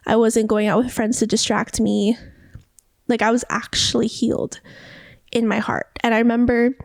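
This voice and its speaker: A woman's voice: on the high side, gravelly, darkish tone, no echo, studio quality. A young woman hosting a podcast, telling a personal story with emotion, often repeating herself and quoting others. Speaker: podcast host.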